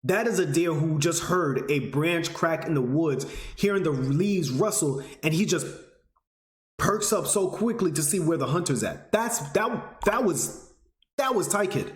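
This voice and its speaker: A man's voice: animated, measured pace, echoey room. A man in his twenties, telling a personal story to his audience in an earnest, emotional way. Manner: earnest, emotional, rising pitch when stirred. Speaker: vlogger.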